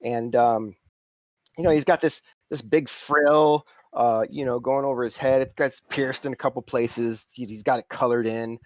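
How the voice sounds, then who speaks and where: A man's voice: mid-range voice, steady tone, normal speed, darkish tone, dry recording, lo-fi sound. A man narrating a tabletop game as game master, in a rambling, filler-heavy way.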